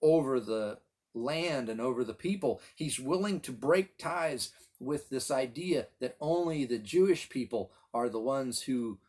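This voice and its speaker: A man's voice: medium pitch, expressive, a little slow, a little mellow. A man leading a Bible study as pastor, teaching in an earnest, emphatic way.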